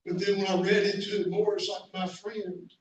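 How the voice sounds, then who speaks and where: A man from the club speaking at a meeting in a measured way with fumbling restarts, heard from a distance in an echoey room. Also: high voice, little pitch movement. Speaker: club member. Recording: echoey hall, distant mic, faint noise.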